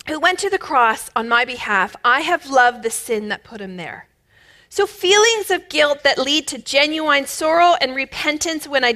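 Woman preacher, middle-aged, bright clear tone, fairly high voice, emphatic sermon delivery. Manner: emphatic, builds to loud bursts.

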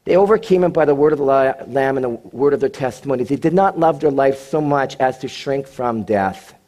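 A man's voice: mid-range voice, fairly quick, a little mellow. A male pastor preaching to his congregation, encouraging them and adding joking asides. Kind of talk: sermon.

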